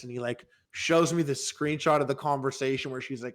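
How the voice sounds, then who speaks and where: A man telling an animated, swearing story in casual podcast chat, acting out the quotes. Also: mid-range voice, fast, hardly any pauses. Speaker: podcast guest.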